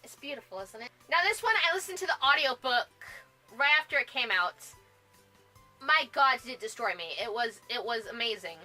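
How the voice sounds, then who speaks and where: A book vlogger with a high, very bright voice chats casually about her favorite books, gushing with bubbly enthusiasm and laughing often between thoughts. She's animated and a little fast. Faint music plays behind her on a rough recording.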